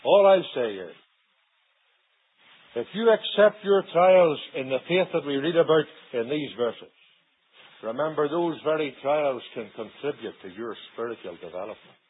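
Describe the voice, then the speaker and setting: Male preacher, husky high voice, dramatic loud-soft swings; old narrow-band sermon recording. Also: animated, measured pace. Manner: dramatic swings between loud emphatic lines and low quiet asides.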